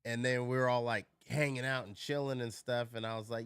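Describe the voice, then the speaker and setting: A man's voice: medium pitch, steady tone, quick pace, few pauses, smooth, no echo. A man chatting casually on a live stream, rambling through stories, swearing freely and answering his chat.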